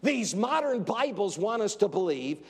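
Male preacher, high-pitched, gravelly, emphatic and sarcastic, reverberant church hall. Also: sing-song, normal speed. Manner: emphatic, sarcastic, swings between loud and hushed. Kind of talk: sermon.

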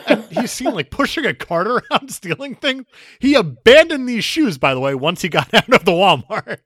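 A man's voice: high-pitched, very animated, moderate pace, fairly bright tone, no echo, studio quality. A man hosting a podcast in casual chat, reading out headlines and laughing often. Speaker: podcast host.

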